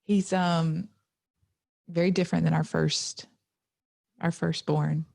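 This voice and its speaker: A low-pitched woman in her thirties chats easily, her talk strewn with "like" as she tells stories. She sounds relaxed and conversational. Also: slow pace, vocal fry. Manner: chatty, lots of "like" fillers. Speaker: podcast co-host. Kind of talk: casual chat.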